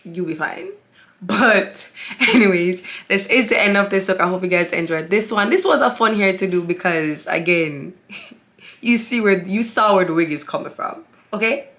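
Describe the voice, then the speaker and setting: A woman's voice: medium pitch, normal speed, a bit bright. A woman beauty vlogger chatting casually to camera, candid and talkative, often calling out to her viewers. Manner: chatty and candid, addresses viewers as guys, frequent fillers.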